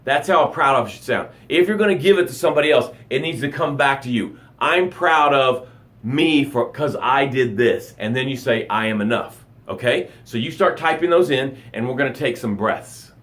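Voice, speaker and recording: A man's voice: mid-range voice, normal speed. A middle-aged man, a life coach, giving a dramatic motivational live broadcast to his camera. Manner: dramatic, animated delivery with acted-out sounds and gasps. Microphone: camera for a live stream.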